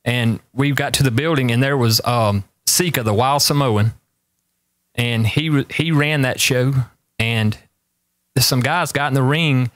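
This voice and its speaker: A man's voice: medium pitch, unhurried, fairly bright tone, dry recording, studio quality. A man, hosting a show and telling rambling stories with emphatic repeated warnings. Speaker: talk show host. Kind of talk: casual storytelling chat.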